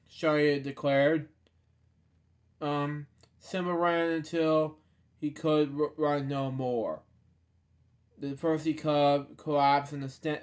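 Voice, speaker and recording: Man, bedtime storybook reading, slow, stumbling, deadpan sarcastic asides. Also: fairly high pitch. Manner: halting, stumbling over words. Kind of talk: reading a children's storybook aloud.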